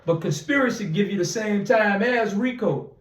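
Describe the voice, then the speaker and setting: A man's voice: high-pitched, moderate pace, fairly bright tone, roomy sound, recorded from a distance, rough recording. A man telling a long personal story in a casual interview, rambling with restarts and acting out quoted dialogue. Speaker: interview guest.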